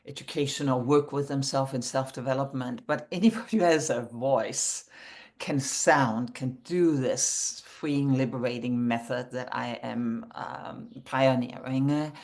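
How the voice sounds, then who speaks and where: A woman's voice: rumbling low, a little mellow. A middle-aged woman from Denmark with a Danish accent, answering interview questions in an earnest, spiritual way with slightly non-native phrasing. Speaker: founder of a voice method, guest.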